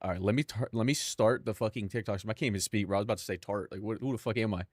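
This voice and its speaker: A man's voice: on the low side, very fast, no echo, clean studio sound. Rambling, profane young man streaming. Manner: rambling, profane, talks to himself and chat. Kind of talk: casual live-stream chat.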